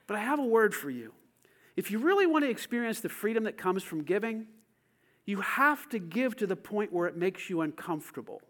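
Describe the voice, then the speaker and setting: A pastor preaches a sermon to his church, swinging between quiet, intimate lines and shouted calls for the congregation to repeat after him. His voice is high-pitched, very animated, and fairly quick.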